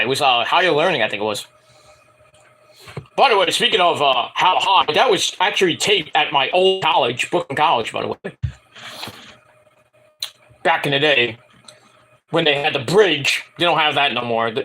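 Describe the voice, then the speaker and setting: A man's voice: fairly high pitch, pushed and bright. A man in his forties reviewing a wrestling show in a casual solo vlog, rambling and joking with many digressions. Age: 40s.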